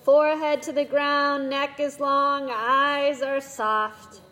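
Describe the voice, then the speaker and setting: A woman with a high, light voice guides a children's yoga class in an unhurried, gentle way, cheering the kids on. She sounds a little echoey in the room, with some faint noise behind her. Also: flat delivery. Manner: gentle, encouraging, playful instructions. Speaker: yoga teacher.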